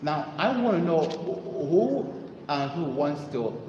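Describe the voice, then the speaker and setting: A man giving a motivational talk to an audience, telling stories and pitching his mentorship. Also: slow, highs cut off, noisy background. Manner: animated storytelling, sales pitch. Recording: echoey hall with long reverb.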